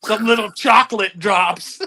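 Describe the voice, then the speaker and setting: A man in casual group chat, telling animated stories and laughing often. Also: sits high, unhurried, a little hiss or hum. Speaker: guest contestant.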